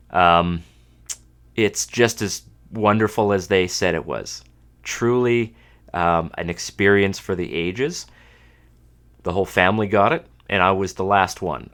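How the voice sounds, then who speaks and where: A man's voice: deep voice, fairly bright tone. A man in his thirties from Canada hosting a solo podcast, talking casually with dry, self-mocking humor and sounding a little stuffed up from a cold. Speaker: podcast host.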